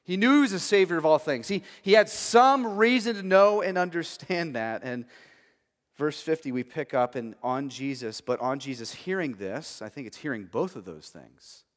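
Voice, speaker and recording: A man preaching an expository sermon, swinging between loud emphatic stretches and very quiet passages, checking in with listeners with "okay" and "right". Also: fairly high pitch, lively intonation, moderate pace. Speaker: pastor. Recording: long hall reverb.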